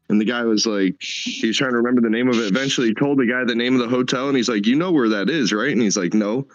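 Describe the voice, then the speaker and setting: A man's voice: medium pitch, no echo. Brief: crude, joking guy with plenty of swearing, muffled lo-fi mic, dry room. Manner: animated storyteller. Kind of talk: casual podcast chat.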